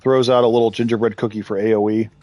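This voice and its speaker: A man's voice: on the low side, level tone, quick pace, darkish tone, no echo, faint music behind. Man chatting loosely on a game stream. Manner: rambling, laughs often, reacts to viewer chat. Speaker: live-stream gamer host. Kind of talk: casual live-stream chat.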